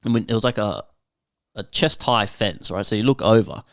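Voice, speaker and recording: A man's voice: fairly low pitch, moderate pace, dry recording, clean studio sound. Laid-back Australian man telling stories. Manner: laid-back, profane storyteller who laughs often. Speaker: podcast panelist. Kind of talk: casual chat.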